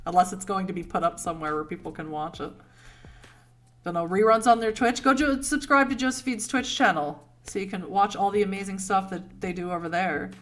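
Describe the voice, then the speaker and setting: A woman's voice: mid-range voice, fairly even intonation, fairly quick, a bit bright. A woman from Boston with a Boston accent, hosting a casual livestream, chatting with viewers in a rambling way and laughing often. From Boston, United States. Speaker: streamer host answering chat.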